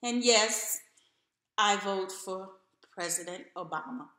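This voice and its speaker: A woman's voice: mid-range voice, slow pace, sharp tone, roomy sound. A woman telling her own story to camera in an earnest, encouraging way, repeating phrases for emphasis.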